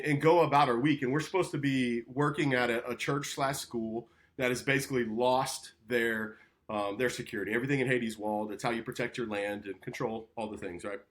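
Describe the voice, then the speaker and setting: An animated man tells a story as a podcast guest. He talks casually, often checks in with "right?", and slips into the voices of the people he quotes. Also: medium pitch.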